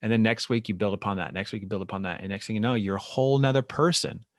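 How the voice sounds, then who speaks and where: A man who works as a therapist, speaking as a podcast guest and explaining his work in an animated way, sometimes acting out what clients and therapists say. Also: fairly low pitch, fast talker, no echo, clean studio sound. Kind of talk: casual interview chat.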